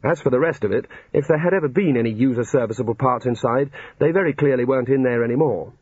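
Husky man reading a comic novel. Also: mid-range voice, fast, a little mellow, no echo. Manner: dry comic storytelling. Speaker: audiobook narrator. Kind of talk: scripted narration. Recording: dull lo-fi recording.

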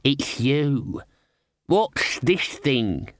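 A gruff old servant, as a man acts him out, speaking slow and higher than the reader's own voice. His speech is rough and grumbling. The sound is dry and close, with no room around it. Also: sing-song, no room sound. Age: older.

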